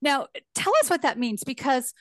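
A woman's voice: high-pitched, expressive, normal speed, dry recording. A woman over sixty from Northern California, co-hosting a podcast with bubbly chatter and frequent laughs. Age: older. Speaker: podcast co-host. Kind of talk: casual podcast chat.

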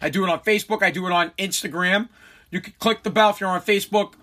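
High, bright-voiced man ranting animatedly. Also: quick pace. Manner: animated ranting, swearing, laughing at himself. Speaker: podcast host. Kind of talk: casual solo podcast rant. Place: home basement.

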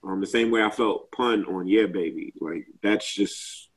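A man's voice: fairly low pitch, measured pace, low-quality recording. A man in a casual group chat, talking at length with many fillers and restarts.

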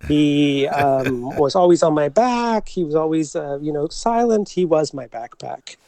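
A man with a somewhat raised, mellow voice recounts a personal story as an interview guest. He talks in a halting way, restarts his sentences often and breaks into laughter. The sound is close and dry. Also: on the high side, animated, dry recording.

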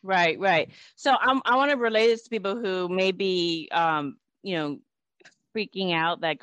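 A woman's voice: fairly low pitch, unhurried, a bit bright, clear, resonant tone, no room sound. A woman hosting an interview, earnestly explaining her ideas at length. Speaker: podcast host and hypnotist. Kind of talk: conversational interview.

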